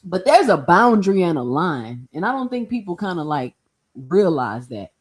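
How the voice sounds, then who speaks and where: A woman hosting a casual boxing livestream, talking in an opinionated, animated way and speaking straight to her chat. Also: lowish voice, normal speed. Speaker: livestream boxing talk host.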